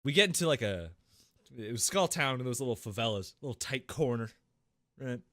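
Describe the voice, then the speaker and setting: Brisk and expressive, a young podcast co-host shares a profanity-heavy gaming tale while acting out characters and gunfire. His pitch is medium with a sharp edge, and the studio-quality audio has no echo.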